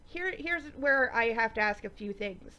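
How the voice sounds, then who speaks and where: A woman's voice: fairly high pitch, moderate pace. Chatty stuffy-nosed woman reviewer, lo-fi. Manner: chatty and animated, many ums. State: stuffy nose, sniffing. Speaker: TV show reviewer. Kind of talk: casual episode review vlog.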